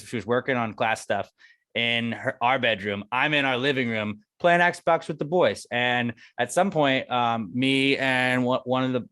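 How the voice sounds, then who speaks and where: A man's voice: medium pitch, sharp tone, clean tone, dry recording, clean studio sound. Rambling, self-mocking man in his thirties. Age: 30s. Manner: rambling, self-mocking storytelling, swears freely. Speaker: podcast co-host. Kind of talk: casual chat.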